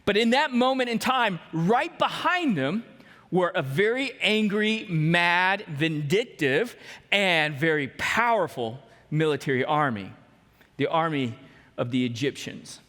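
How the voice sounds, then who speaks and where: This preacher's voice sits high, expressive and pushed, with a bright edge, moving at a measured pace. He tells stories from the pulpit of a church sanctuary and performs the quoted voices, all carrying a big-room sound.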